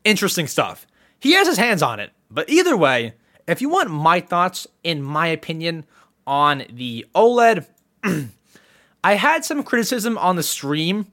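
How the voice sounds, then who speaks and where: A man hosting a casual solo podcast, talking in an excitable way and often clearing his throat. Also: fairly high pitch. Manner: excitable, animated. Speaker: podcast host.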